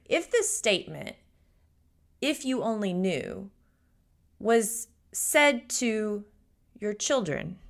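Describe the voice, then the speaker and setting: A woman hosting a talk show, chatting casually and telling a joke with animated energy. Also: a little high. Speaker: radio show host.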